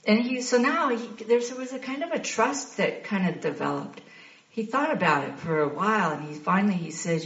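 Woman, 60s, heartfelt storyteller, halting delivery, dull echoey recording. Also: mid-range voice. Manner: candid, halting, laughs often. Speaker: guest sharing a recovery story. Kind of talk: personal storytelling.

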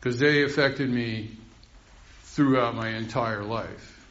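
An older man with a mid-range, fairly bright voice speaks slowly as he rambles through a heartfelt share at a recovery meeting, laughing often. The recording sounds roomy and dull.

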